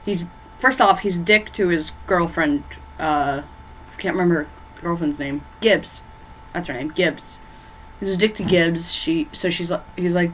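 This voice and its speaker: A woman with a lowish voice talks at normal speed, recorded in poor audio with slight background noise. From her bedroom, the movie vlogger gives a rambling, filler-filled ranking of horror movies and keeps losing track of names.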